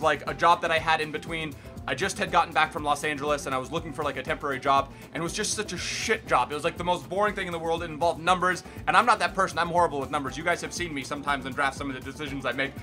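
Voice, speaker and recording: A young man chats through a casual vlog Q and A from his bedroom, talking fast in a bright, forceful voice. He keeps it loose and energetic, jumping into loud excited bursts, with faint music under him. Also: fairly high pitch. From Miami, United States. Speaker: gaming YouTuber host. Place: bedroom at home.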